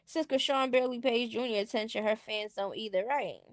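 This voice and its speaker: A woman's voice: a little high, moderate pace, no echo, clean studio sound. A woman hosting a stream, chatting casually and bluntly with a sassy, laughing manner. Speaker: stream host. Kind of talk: casual commentary chat.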